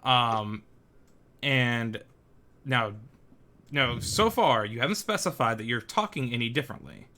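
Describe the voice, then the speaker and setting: A man running a tabletop game as game master, narrating with many pauses and restarts. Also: medium pitch, very animated, bright, forceful tone, slight background noise. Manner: hesitant, full of ums and restarts.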